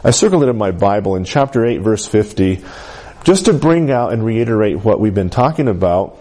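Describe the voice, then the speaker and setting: A man preaching a sermon to a congregation, often asking "Amen?" and lifting his voice for emphasis. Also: a little fast. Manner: animated, rising pitch for emphasis, calls of "Amen?".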